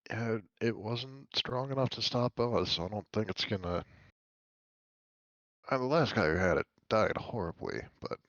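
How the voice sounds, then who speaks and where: A man's voice: fairly low pitch, expressive, normal speed, a bit bright, dry recording. A man playing a tabletop game, talking in a blunt, sardonic way. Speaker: player. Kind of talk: casual tabletop game chat. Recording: dull lo-fi dry mic.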